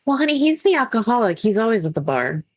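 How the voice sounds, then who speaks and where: A woman's voice: on the high side, big pitch swings, fast talker, no echo. A woman chats casually beside a friend's game, giving affectionate tips. Her voice sits dry and close, with no room sound. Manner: affectionate, advising. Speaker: co-player friend. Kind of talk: casual gameplay chat.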